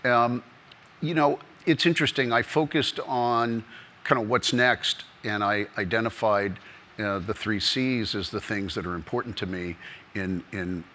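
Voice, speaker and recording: A man's voice: on the low side, a little slow, bright, forceful tone, slight background noise. A man as the interviewed guest in an on-stage conference conversation, telling stories and rambling with restarts.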